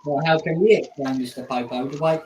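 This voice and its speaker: A man's voice: on the high side, brisk, a little mellow. A man hosting a casual podcast chat, laid-back and rambling with chuckles. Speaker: podcast host. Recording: roomy echo.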